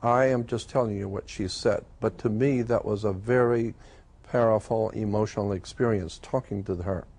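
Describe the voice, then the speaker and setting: A man telling a personal story in a casual, conversational way, pausing often with "uh" and "um". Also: fairly low pitch, fairly even intonation, a little mellow. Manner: conversational, with frequent "uh" and "um" pauses. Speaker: storyteller recounting a personal experience.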